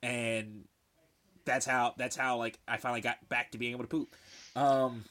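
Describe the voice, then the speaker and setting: A man tells a story in relaxed, profane chat. His voice is bright and forward, with a tense edge, and his delivery is lively and animated. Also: medium pitch, moderate pace.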